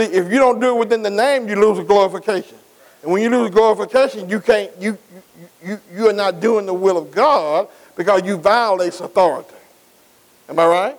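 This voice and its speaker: Captured on a rough recording, a male preacher with a high-pitched voice addresses his congregation. He leans on call-and-response, asking frequent rhetorical questions and repeating words to build momentum.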